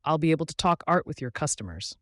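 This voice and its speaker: A man voicing a playful, quick-witted young woman in an audiobook, light and teasing. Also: fairly high pitch, very animated, fairly bright tone, no room sound, clean studio sound.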